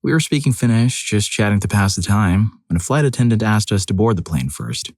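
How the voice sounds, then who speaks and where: A man with a low voice reads out listener stories in a scripted narration style, putting on the characters' quoted lines as he goes. The recording is close and dry, with no room sound around him. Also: lively intonation, a little fast, a little mellow, no room sound.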